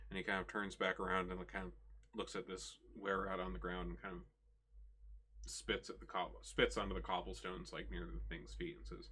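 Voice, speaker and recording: A man's voice: deep voice, little pitch movement, brisk, sharp tone, breathy edge. A man narrating as game master of a tabletop game, rambling with lots of "you know" and "like".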